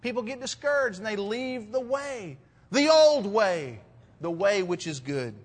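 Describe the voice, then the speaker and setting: A man's voice: high-pitched, very animated, a little slow. A man preaching an expository sermon as pastor, reading verses and rising to emphatic points. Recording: long hall reverb.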